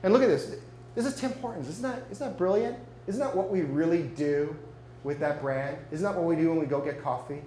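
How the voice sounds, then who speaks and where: A brisk, dark-toned man with a voice on the high side gives a live talk at a marketing meetup. His style is conversational and playful, often polling the room, in an echoey space with a faint hum.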